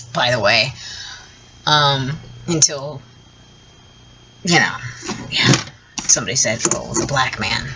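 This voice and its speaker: A low-voiced woman from the southern United States rants opinions to camera in a vlog, bluntly and profanely, laughing often between points. The sound is lo-fi with a noisy background.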